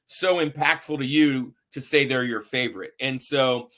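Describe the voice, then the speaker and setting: A man's voice: medium pitch, moderate pace, sharp tone. A man hosting a sports podcast in an upbeat, hype-building, somewhat rambling way. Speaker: podcast host.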